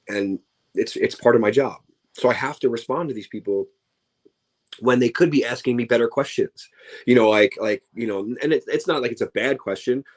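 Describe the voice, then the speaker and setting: A man, a professional wrestler, chatting casually as an interview guest, tired and rambling with many restarts and fillers. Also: on the low side. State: tired, yawning.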